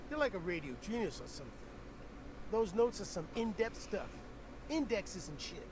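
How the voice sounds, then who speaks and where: An eager, crude young dockworker in a video game, high and bouncy in pitch, tossing out profane praise. Hiss sits under the game audio. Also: male voice, big pitch swings, moderate pace.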